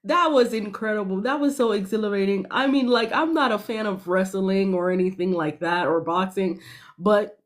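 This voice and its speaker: A woman's voice: medium pitch, moderate pace. Young woman spilling reality show tea, sassy, laughs a lot. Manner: animated, laughing, sassy asides. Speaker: podcast panelist. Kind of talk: casual reality-show commentary.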